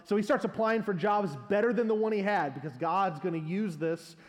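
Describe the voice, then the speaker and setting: A man's voice: sits high, a little fast, long reverb tail. A male pastor preaching a sermon, telling a long humorous story as an illustration.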